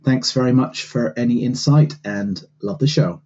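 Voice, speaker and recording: A man from England with an English accent, leaving a polite, measured recorded question for a podcast host. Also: medium pitch, darkish tone, dull audio. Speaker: listener asking a question.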